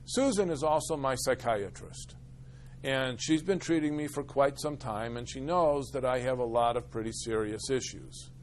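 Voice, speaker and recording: A man's voice: mid-range voice, moderate pace, slight background noise. Man giving a humorous talk. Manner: storytelling, acts out both sides of a scene. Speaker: disability attorney speaking to a group. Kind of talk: humorous presentation to a live audience.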